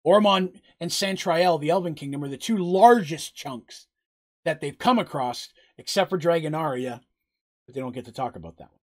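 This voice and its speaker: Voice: mid-range voice, normal speed, darkish tone. A game master casually narrating and answering questions during a tabletop game. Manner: casual, chatty, asks "right?" often.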